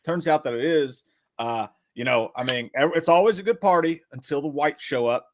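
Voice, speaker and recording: Excitable, joking man co-host. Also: fairly high pitch, normal speed, background noise. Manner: excitable, joking, crude banter. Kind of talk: casual movie chat.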